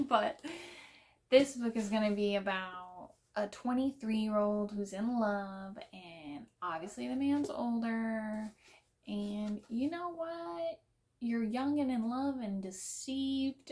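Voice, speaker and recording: Bubbly high-voiced young woman, slow chat. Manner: chatty, playful, self-deprecating asides. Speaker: book vlogger. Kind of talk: casual to-camera book chat.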